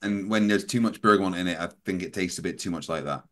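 A man's voice: deep voice, fast. Rambling man co-hosting a livestream. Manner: rambling anecdotes with many fillers. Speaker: show co-host. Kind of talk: casual livestream aftershow chat.

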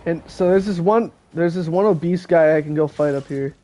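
With a fairly high, warm voice at a moderate pace, this teenage boy streams a video game and jokes casually with friends on a call.

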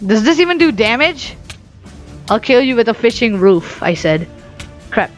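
A woman giving playful gaming commentary as a video host, giggly and excitable, breaking into high squealing outbursts. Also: moderate pace, soft background music.

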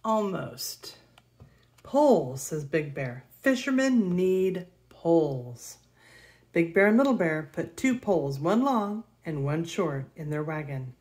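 A woman reading a children's picture book aloud in a gentle, expressive way. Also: low-pitched, measured pace, few pauses. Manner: gentle, expressive read-aloud with gasps and soft laughs. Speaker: storybook reader.

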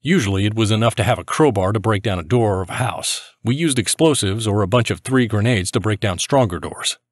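A man reading a war memoir aloud in the first person, in a steady, grave storytelling manner. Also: fairly low pitch, brisk, dry recording, studio quality. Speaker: narrator reading a soldier's memoir. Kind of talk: scripted first-person narration.

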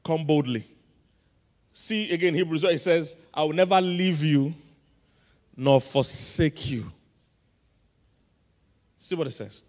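Nigerian male pastor, lively call-and-response sermon, higher-pitched, reverberant church hall. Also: slow pace, pauses often. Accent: Nigerian English. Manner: call-and-response preaching, quizzing the congregation. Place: large church auditorium.

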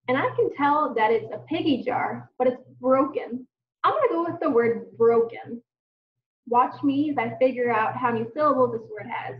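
Kindergarten teacher, woman, high bright voice, slow patient delivery, dull distant recording. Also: echoey room. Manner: slow, encouraging, sounds words out to kids. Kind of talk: phonics lesson for young children. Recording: distant mic, dull lo-fi sound.

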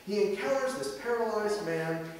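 A man in his thirties preaching a sermon as pastor, conversational and animated, posing rhetorical questions to the congregation. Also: high-pitched, normal speed, recorded from a distance, slight background noise. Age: 30s. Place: church sanctuary. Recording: very echoey hall, heard from afar.

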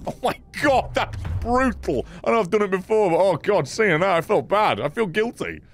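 A man giving profane, excitable let's play commentary, often yelling at the game. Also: high-pitched, moderate pace, slight background noise. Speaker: gaming channel host.

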